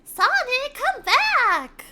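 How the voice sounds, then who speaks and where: A woman voicing a peppy young female hedgehog heroine in a high, bouncy, exaggerated voice. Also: very animated, very slow, bright, forceful tone, faint music behind, heavily acted. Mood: pleading.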